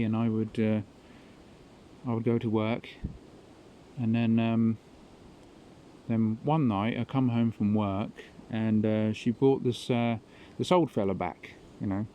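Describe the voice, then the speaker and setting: A man's voice: lowish voice, warm tone, slight background noise. A young man tells a personal story in a casual, rambling way with many fillers. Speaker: vlogger.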